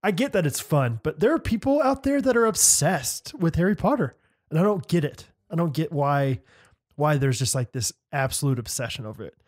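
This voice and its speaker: A man's voice: on the high side, expressive, fairly quick. A young man co-hosting a podcast in casual chat, teasing and acting out mock voices. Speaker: podcast co-host.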